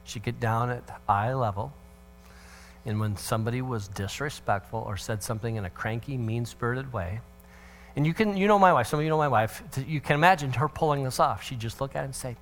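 A man's voice: mid-range voice, a little fast, a bit bright, slight background noise. Middle-aged guy pastor, chatty and jokey, does little voices when he quotes folks. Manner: conversational and joking; often acts out quotes in changed voices. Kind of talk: church parenting seminar talk.

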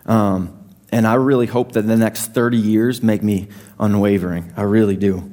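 A young adult man preaching a sermon to his congregation in a conversational, self-deprecating way with animated asides. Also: lowish voice, moderate pace. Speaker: pastor.

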